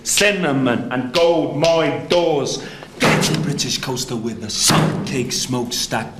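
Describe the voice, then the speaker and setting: An actor playing a teacher who recites poetry to his class slowly and rhythmically, then with growing fervour. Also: medium pitch, reverberant, lightly acted, low-quality recording. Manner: slow rhythmic recitation that builds to loud fervour. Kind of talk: television drama acting.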